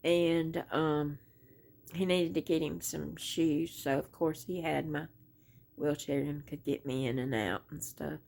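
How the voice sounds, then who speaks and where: A middle-aged woman, chatting casually on her crochet vlog and rambling through a story with many pauses and "anyway"s. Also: low voice, steady tone, gravelly, darkish tone. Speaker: crochet vlogger.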